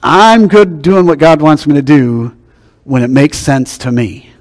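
High-voiced preacher in a big hall. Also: male voice, unhurried. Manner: folksy storytelling, swings from soft low asides to loud high outbursts. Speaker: pastor. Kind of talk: sermon.

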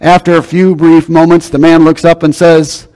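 A man preaches in a folksy, storytelling way, his high voice dropping low and quiet for asides, then climbing loud for outbursts. His voice rings out with a long reverb through a large church sanctuary. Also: little pitch movement, normal speed. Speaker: pastor. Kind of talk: sermon.

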